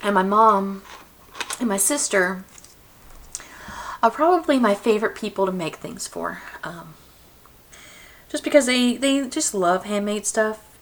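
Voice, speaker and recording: This craft vlogger, a young Georgia woman, talks in an animated, unhurried way with frequent pauses, her mid-range voice captured on poor audio. She rambles chattily as she crafts, often using fillers and starting over.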